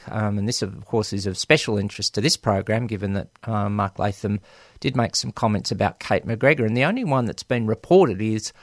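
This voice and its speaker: A man's voice: fairly low pitch, dry recording, clean studio sound. A man hosting a radio show, giving frank, emphatic opinion commentary full of ums and restarts. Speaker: radio host.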